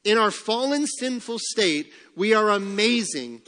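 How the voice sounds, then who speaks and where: A man's voice: sits high, animated, a little slow, bright, forceful tone, in a large hall. A man preaching a sermon in a conversational way, posing rhetorical questions and slipping in humorous asides. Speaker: pastor.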